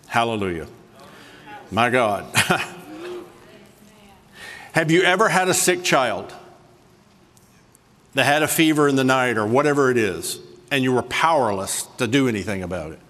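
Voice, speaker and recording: A man preaching a sermon to a congregation, switching between slow, soft emphasis and quick conversational asides. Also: mid-range voice, expressive, in a large hall. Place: church sanctuary with a congregation.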